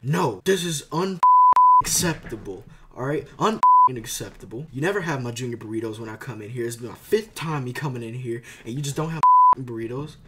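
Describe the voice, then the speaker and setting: A man voicing a furious, cursing old male customer who shouts and sputters. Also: medium pitch, animated, unhurried, very noisy, natural voice. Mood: indignant. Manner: shouting, indignant, stammering.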